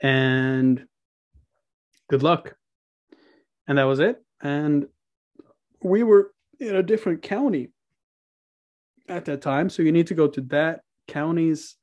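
A man's voice: on the high side, takes it slowly, long pauses, darkish tone, muffled recording. Young man telling a story. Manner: laid-back, profane, often laughing. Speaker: podcast guest. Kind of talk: casual storytelling.

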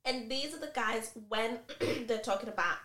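A woman's voice: fairly high pitch, moderate pace. A woman co-hosting a podcast, chatting casually and telling stories with many asides. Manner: animated, expressive storyteller with many asides. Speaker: podcast co-host. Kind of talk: casual chat, storytelling. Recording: echoey room.

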